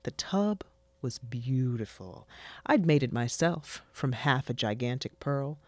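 A narrator reading a fantasy story in a wry, deadpan way. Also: mid-range voice, a little slow, no room sound. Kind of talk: scripted fiction narration.

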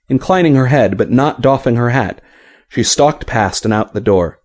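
A man narrating a fantasy short story in an expressive, scripted audiobook reading. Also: fairly low pitch, moderate pace.

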